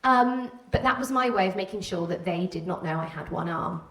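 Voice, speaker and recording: A woman's voice: fairly low pitch, lively intonation, brisk, fairly bright tone. A woman with a Welsh border accent, telling a candid personal story on stage and acting out the voices she quotes. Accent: Welsh border English. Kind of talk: live personal storytelling talk. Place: stage before an audience. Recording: roomy hall, voice from a distance.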